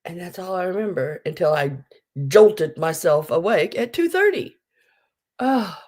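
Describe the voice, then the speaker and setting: A woman's voice: lowish voice, big pitch swings, unhurried, a little mellow. A middle-aged woman hosting a live online sale, chatting casually and rambling as she greets viewers by name, her voice still groggy from just waking up. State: groggy morning voice, just woken up. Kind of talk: casual livestream chat.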